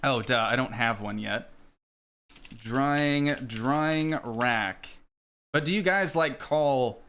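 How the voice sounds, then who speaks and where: A young American man streaming a game, chatting casually with viewers and thinking out loud as he plays. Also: medium pitch, lively intonation, moderate pace. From United States. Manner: rambling, thinking aloud, talking to chat. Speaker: gaming streamer. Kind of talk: casual live gameplay chat.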